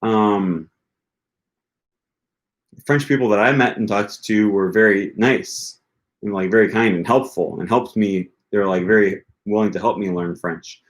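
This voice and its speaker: A man with a fairly low voice chats casually through a livestream Q&A. He rambles and hesitates, with plenty of filler words between his thoughts. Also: unhurried. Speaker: language-learning channel host.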